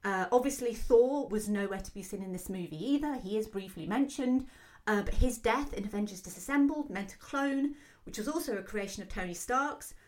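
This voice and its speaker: A woman hosting a solo film commentary show, talking quickly and excitedly with frequent fillers. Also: mid-range voice. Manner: fast, excitable talker with many fillers. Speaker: film podcast host.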